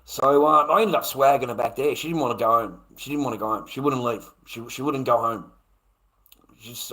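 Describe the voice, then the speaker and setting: A man's voice: mid-range voice, a little fast, bright, forceful tone, low-quality recording. A middle-aged man with an Australian accent, ranting crudely and at length on a livestream, swearing constantly and tagging his lines with "mate". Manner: crude, profane, rambling, keeps tagging "mate". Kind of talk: rambling monologue on a livestream.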